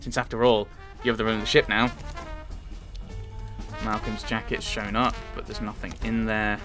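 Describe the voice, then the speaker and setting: A man playing a narrative game, reading choices aloud and thinking out loud as he goes. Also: fairly low pitch, little pitch movement, normal speed, over music. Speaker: let's player.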